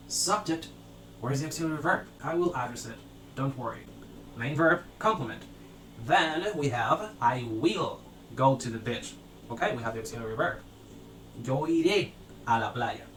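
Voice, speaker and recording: A man explains a grammar lesson, breaking sentences into parts and repeating each pattern step by step. His voice sits a little high for a man. The sound is roomy and echoey, with a faint hum behind it. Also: fairly bright tone. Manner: methodical, repeats structures step by step. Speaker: language teacher.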